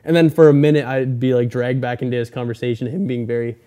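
This is a young man chatting on a podcast, with a dark, mellow tone. He rambles through his story and slips into the voices of the people in it. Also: mid-range voice, flat delivery, fast talker. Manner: rambling storyteller, acts out quoted people in a raised voice. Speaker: podcast host. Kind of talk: casual chat.

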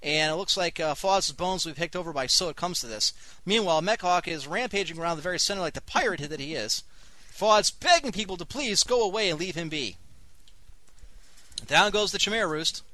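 A man's voice: high-pitched, lively intonation, fairly quick, sharp tone, dry recording. Wry man casting a strategy game. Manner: wry, sarcastic asides. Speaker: host and game caster. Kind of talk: live strategy-game commentary on an online radio show.

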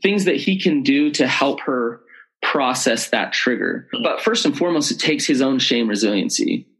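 A man's voice: medium pitch, animated, normal speed, fairly bright tone, slightly rough, rough recording. A man speaking as an expert guest in an interview, explaining in an earnest way and acting out what people say to each other. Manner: earnest, explanatory, acts out quoted speech. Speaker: betrayal trauma expert guest. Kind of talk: conversational interview.

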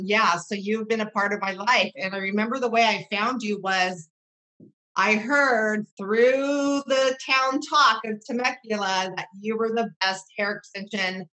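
A woman in her thirties talks as a podcast guest, sharing heartfelt memories in a loose, rambling way. Her voice has a clear, bright edge. She restarts sentences often and leans on fillers as she goes. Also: medium pitch, poor audio. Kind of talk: heartfelt casual storytelling.

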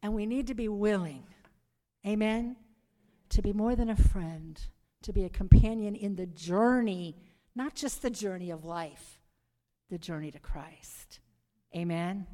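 A middle-aged woman giving her conversion testimony to a live audience, telling her story in a lively way and calling for "Amen.". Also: mid-range voice, a little slow. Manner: lively storyteller who calls for "Amen" and "Praise the Lord". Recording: long reverb of a hall.

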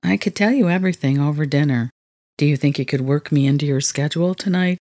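A man's voice: a little high, quick pace, a little mellow, close to an everyday voice. Woman reading as a rugged young man, hesitant.

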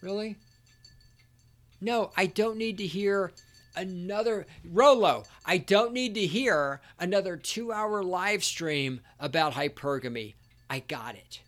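A man hosting a solo podcast, ranting angrily with constant swearing and sometimes shouting. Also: high-pitched, animated, slow. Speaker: podcast host.

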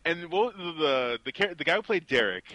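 A laid-back man chatting about films with a bright, fairly high voice that moves lively up and down. He laughs easily. The sound is dry and close, with no room echo. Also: moderate pace. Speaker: podcast co-host reviewing films. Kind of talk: casual chat.

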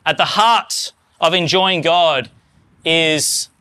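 High, bright-voiced man preaching. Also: normal speed, clean tone. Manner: earnest, rising to fervent emphasis on quotes. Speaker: pastor. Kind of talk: sermon.

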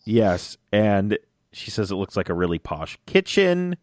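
A man in a casual fan chat, talking excitedly and rambling, often acting out lines in little voices. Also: lowish voice, a little slow, dry recording, studio quality. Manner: excited, rambling, acts out quotes.

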